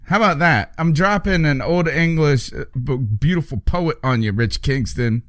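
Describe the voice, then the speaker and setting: A man hosting a sports call-in podcast, excitable and exclamatory as he reacts and takes callers. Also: a little high, normal speed, no echo, clean studio sound. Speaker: podcast host. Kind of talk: lively sports podcast chat.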